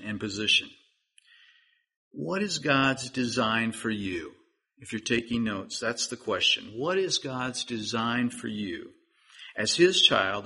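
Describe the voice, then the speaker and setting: Pastor guy preaching a sermon, bright voice, a bit husky, pleads with the crowd. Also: mid-range voice. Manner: earnest, pleading, direct to listeners.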